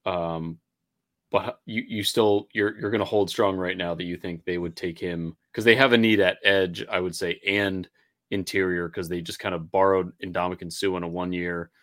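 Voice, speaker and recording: A man's voice: sits low, fairly even intonation, normal speed, a bit bright. A man co-hosting a podcast, chatting and analyzing football picks, with fillers and repeated words. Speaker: podcast co-host. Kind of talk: casual sports podcast chat.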